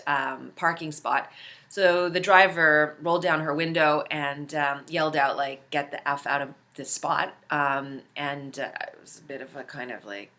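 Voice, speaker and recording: Bright-voiced woman telling a personal story. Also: deep voice. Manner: conversational, heavy use of filler words; earnest, reflective. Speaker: host.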